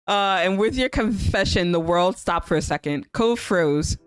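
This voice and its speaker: A woman's voice: medium pitch, expressive, takes it slowly, long pauses, clean tone, no room sound, faint music behind. A young woman streaming a visual novel, reading it aloud and chatting in a giggly, gushing way.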